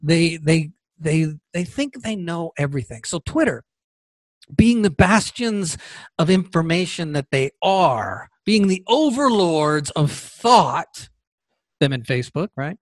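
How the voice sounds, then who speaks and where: A man's voice: fairly high pitch, very animated, takes it slowly, dry recording. A man hosting a podcast, giving sarcastic, combative political commentary into a close mic. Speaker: podcast host.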